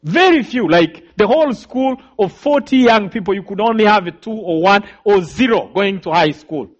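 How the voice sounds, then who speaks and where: A high-voiced man with a Rwandan accent recounts his story with earnest, vivid storytelling. His pitch swings widely as he speaks straight to the audience. The recording sounds slightly dull and lo-fi. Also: lively intonation, moderate pace. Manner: earnest, vivid storytelling, addresses listeners directly. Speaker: survivor giving testimony. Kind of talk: personal testimony talk.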